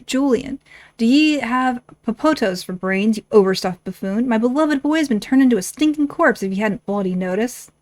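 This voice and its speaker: A woman's voice: a little high, expressive, a little mellow, no room sound, natural voice. A woman reading aloud the lines of a fiery older mother who scolds her useless husband. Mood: scolding. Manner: reading game dialogue aloud, brisk and scolding.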